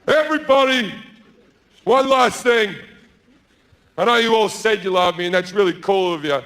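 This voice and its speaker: A man's voice: high voice, normal speed. A man playing a petty, ranting God. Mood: wheedling. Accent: Australian. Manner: shouting, whiny, indignant. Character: petty bigoted male God, needy and short-tempered.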